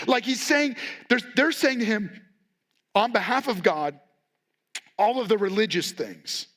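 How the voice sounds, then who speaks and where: A male pastor preaching a sermon with a notably high-pitched voice. He talks in a casual, candid, conversational way, stepping into quoted lines as he goes. The delivery stays relaxed and direct with his listeners. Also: a little slow, pauses often. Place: church.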